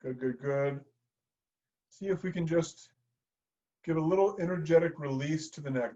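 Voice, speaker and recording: A man coaching singers through warm-up exercises, his voice a touch higher than most men's and mellow in tone. He speaks calmly and encouragingly. The recording is slightly muffled and lo-fi, with faint music behind him. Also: moderate pace, long pauses. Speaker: choir director. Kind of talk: leading vocal warm-ups.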